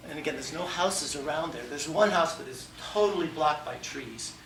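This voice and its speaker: Bright-voiced man telling a funny story. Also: on the high side, moderate pace, slight background noise. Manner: animated storyteller who acts out dialogue and laughs along. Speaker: humor contest speaker. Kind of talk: humorous personal story speech. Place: meeting room before an audience. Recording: echoey room, mic far off, faint ambience.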